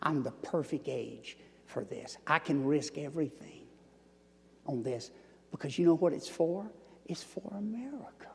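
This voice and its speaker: Southern man in his sixties, lecture storyteller, drops to hushed asides, gravelly voice in a reverberant hall. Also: a little high, a little slow. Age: 60s. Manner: storytelling, swings from loud emphasis to near-whispers. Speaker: guest lecturer. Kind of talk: public lecture answering audience.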